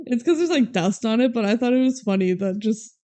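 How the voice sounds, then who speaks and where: Young woman, podcast co-host, casual movie recap, giggly, mellow voice. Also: on the high side, lively intonation, fairly quick. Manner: chatty, giggly, quotes scenes in small acted voices.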